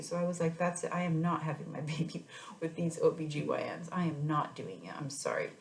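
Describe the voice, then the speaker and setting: Speaking quickly in a low register, a woman in her thirties shares her story as a mother for a casual vlog. She wanders and restarts a lot, and the room sounds echoey.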